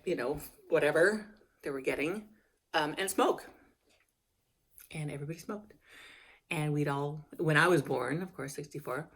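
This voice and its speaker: A woman in her fifties, hoarse and losing her voice, chatting casually and rambling in her video diary with frequent laughs. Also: deep voice. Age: 50s. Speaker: vlogger. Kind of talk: casual chat.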